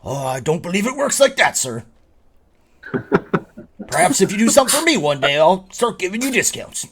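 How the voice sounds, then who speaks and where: A man's voice: high-pitched, very animated, moderate pace, fairly bright tone, slightly rough, pitched above the performer's own voice, full character voice. A man voicing a polite male innkeeper who is sly about money and speaks with genteel, old-fashioned phrasing. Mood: amused.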